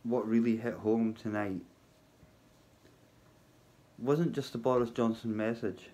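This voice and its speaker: A man talking casually to his viewers from his hotel workplace at night, halting and full of ums, with a wry sense of humour. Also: mid-range voice, steady tone, mellow. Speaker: vlogger. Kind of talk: casual spoken vlog.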